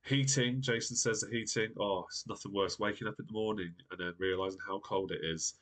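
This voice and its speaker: A man with a lowish voice runs a live-streamed quiz show. He talks in a chatty, upbeat way and reads out the viewers' guesses as he goes. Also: fairly even intonation, brisk, a bit bright. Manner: chatty and upbeat, reading viewer comments aloud. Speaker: quiz host.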